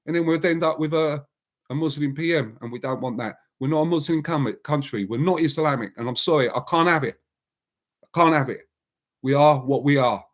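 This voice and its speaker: A man's voice: fairly high pitch, fairly quick. A man hosting a casual live chat, talking bluntly in a rambling way and answering viewers by name. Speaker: livestream host.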